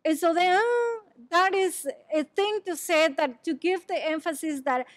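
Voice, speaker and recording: A woman from Mexico whose first language is Chatino, answering audience questions after a talk at an academic conference, halting and searching for words as she explains. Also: very high-pitched, no echo. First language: San Juan Quiahije Chatino. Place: lecture room.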